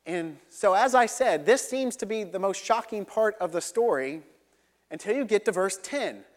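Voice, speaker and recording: A young man preaching a sermon, earnest, dropping to a low hush for emphasis. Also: animated, moderate pace, big-room sound. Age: young adult.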